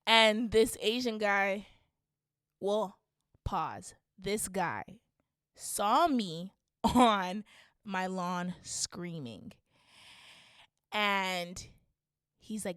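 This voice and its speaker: A woman's voice: medium pitch, very slow, long pauses, no room sound, studio quality. Young woman telling a wild story. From Canada. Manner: animated, slangy, rising to shrieks. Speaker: podcast host. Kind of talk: casual storytelling.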